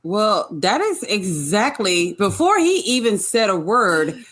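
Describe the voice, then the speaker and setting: A woman's voice: medium pitch, big pitch swings, slow, fairly bright tone, breathy edge. A woman co-hosting a podcast, giving blunt, incredulous commentary on a reality show. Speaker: podcast co-host. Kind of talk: casual chat, reacting to a reality show.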